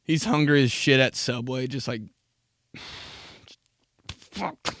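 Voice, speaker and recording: A man's voice: medium pitch, steady tone, moderate pace, fairly bright tone, dry recording, studio quality. A young man hosting a casual solo podcast, rambling through profane stories and laughing at his own jokes. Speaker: podcast host.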